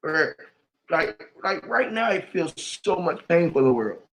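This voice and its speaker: High-voiced man ranting emotionally. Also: sing-song, unhurried. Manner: swings between loud outbursts and low mutters, swears a lot. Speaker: vlogger. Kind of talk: rambling emotional monologue.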